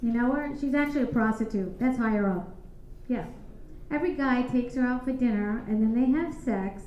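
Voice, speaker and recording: A woman in her forties doing a brash stand-up set with deadpan punchlines, talking to the crowd from a comedy club stage into a handheld mic. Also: on the high side, slight background noise. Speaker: stand-up comedian hosting a show. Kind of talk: stand-up routine. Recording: echoey club, slightly dull sound.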